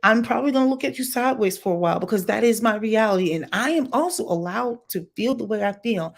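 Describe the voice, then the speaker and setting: A woman's voice: on the high side, animated, fast talker, creaky, few pauses. Blunt, opinionated woman commentator. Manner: emphatic, blunt, talks to viewers. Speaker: commentary livestreamer. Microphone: home livestream setup.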